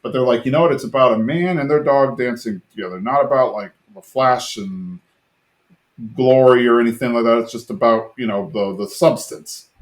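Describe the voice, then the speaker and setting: A man's voice: medium pitch, normal speed. A man hosting a podcast, casually retelling a cartoon episode in a rambling way, full of fillers, briefly mimicking the characters' lines. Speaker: podcast host.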